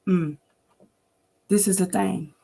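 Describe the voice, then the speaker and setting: A woman's voice: on the low side, fairly even intonation, slow, gravelly, mellow, breathy edge. A woman in her sixties giving a preachy, familiar faith talk on a livestream, greeting viewers by name and laughing often. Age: 60s. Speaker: host of an online inspirational show.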